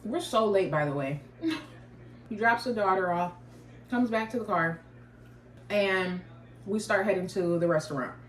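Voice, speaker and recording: A woman's voice: mid-range voice, unhurried, pauses often, echoey room, distant mic, a little hiss or hum. A woman vlogger telling a casual story while eating, in a chatty, slangy way.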